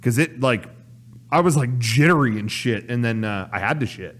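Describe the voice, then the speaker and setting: A man's voice: medium pitch, lively intonation, moderate pace. A young man chatting casually, meandering through an anecdote and swearing loosely. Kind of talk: casual chat.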